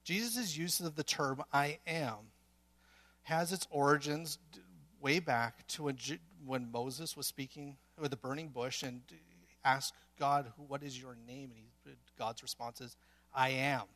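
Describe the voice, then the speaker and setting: A man's voice: medium pitch, unhurried, a bit bright. A man preaching a sermon in earnest, building to emphatic peaks with some restarts.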